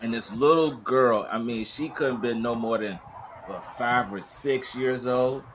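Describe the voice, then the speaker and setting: A man's voice: mid-range voice, measured pace, a bit bright. Laid-back man on a noisy line. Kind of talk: casual group banter, storytelling.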